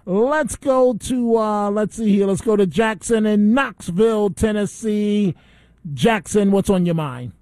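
A man hosting a call-in radio show in a high, bright-pitched voice, heated and indignant as he rants. The sound is close and dry, with no room around it. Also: measured pace, no echo. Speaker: radio talk show host.

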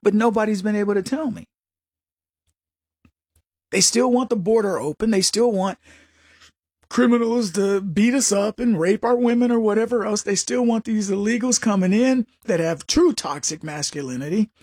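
Husky-voiced man mocking his opponents. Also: high voice, normal speed, darkish tone, no echo, clean studio sound. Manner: mocking, mimics opponents in exaggerated voices, laughs at own jokes. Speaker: political commentary host. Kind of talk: opinionated comedic monologue.

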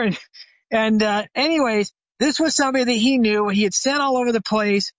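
A man, a retired chiropractor, telling a lively anecdote as the guest expert of an interview. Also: very high-pitched, brisk, no echo. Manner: animated anecdote teller, acts out quoted phone calls. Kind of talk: storytelling interview. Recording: dry, slightly dull sound.

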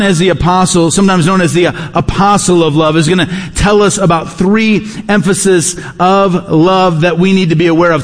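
A man preaching a sermon as pastor in a church, emphatic, repeating his key phrases. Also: high voice. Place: church sanctuary.

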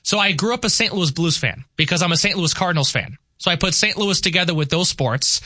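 New york guy, high bright voice, excitable sports radio co-host, dry studio sound. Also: brisk, no echo. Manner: animated, enthusiastic.

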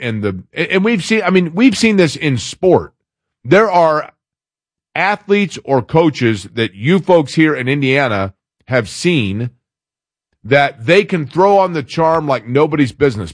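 A man's voice: medium pitch, no echo, clean studio sound. A man hosting a sports talk show, chatting casually and opinionated, rambling as he reads out a listener's email. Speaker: sports radio host.

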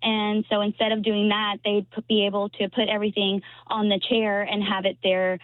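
A woman teacher calls a radio show from her parked car. She speaks earnestly, pausing to find her words. The thin, phone-like line is dry and close. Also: mid-range voice, completely flat delivery, dry recording. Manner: earnest, a little halting. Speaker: third grade teacher, caller. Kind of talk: casual phone call on radio.

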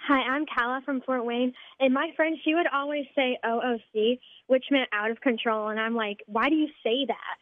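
A woman's voice: high voice, steady tone, normal speed, few pauses, no echo. Cheerful female caller on a thin phone line. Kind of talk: phoning in to a radio show.

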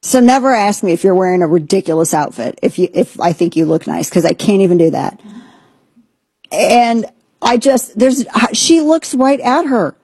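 A woman's voice: medium pitch, animated, normal speed, mellow, husky, no echo. A woman hosting a political commentary show, talking in an indignant, sarcastic, emphatic way. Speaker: host.

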